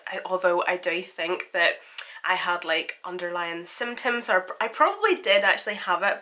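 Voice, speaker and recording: A woman's voice: on the low side, bright, forceful tone, rough recording. A woman in her twenties with a sick, nasal voice, chatting and laughing often through a makeup tutorial. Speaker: makeup vlogger. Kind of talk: casual makeup tutorial chat.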